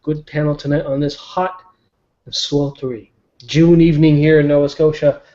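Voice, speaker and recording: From his home in Nova Scotia, a man hosts a casual live online chat show, laid-back and jokey. His voice is a little high and warm, with a flat delivery at a moderate pace, heard through lo-fi online call audio.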